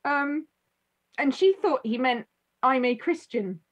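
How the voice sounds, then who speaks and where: A woman hosting a podcast, telling a story in a halting way with many restarts. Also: high voice, lively intonation, muffled recording. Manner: halting, many restarts, moved close to tears. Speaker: podcast host. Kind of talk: emotional storytelling in conversation.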